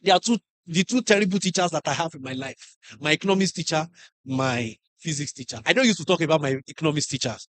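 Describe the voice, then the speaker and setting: A middle-aged man with a Nigerian English accent giving a lively motivational talk to teachers, acting out classroom stories and putting questions to the audience. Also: on the high side, quick pace, no room sound. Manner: animated storyteller, acts out classroom scenes, asks the audience questions. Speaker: conference speaker.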